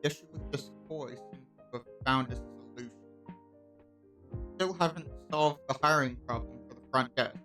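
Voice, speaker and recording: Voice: mid-range voice, moderate pace, bright, forceful tone, faint music behind. A person reading a game's dialogue aloud and adding wry, teasing remarks about the poor translation. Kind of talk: let's-play reading with commentary.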